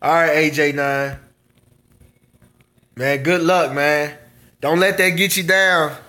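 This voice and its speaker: A man talks casually to viewers, full of slangy jokes and easy laughter. His voice sits a touch high and rings bright and forceful. It has the loose feel of an unscripted live chat. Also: fairly even intonation, takes it slowly. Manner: joking, laughs often, slangy banter. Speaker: small business owner and channel host.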